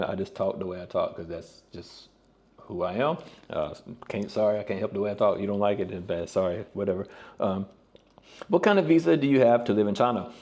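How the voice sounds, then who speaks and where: A man's voice: fairly low pitch, darkish tone. A man in his forties from Kentucky with a faint Southern accent, answering viewer questions in a blunt, casual vlog. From Kentucky, USA. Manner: blunt, plain-spoken, laughs things off.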